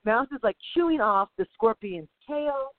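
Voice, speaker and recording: A woman co-hosting a podcast, telling a story in a lively, animated way with sound effects and laughter. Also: fairly high pitch, moderate pace, noisy background. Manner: animated, mimics sounds and voices, laughs often. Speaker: podcast co-host. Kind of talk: casual storytelling chat. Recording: tinny phone-like sound, dry.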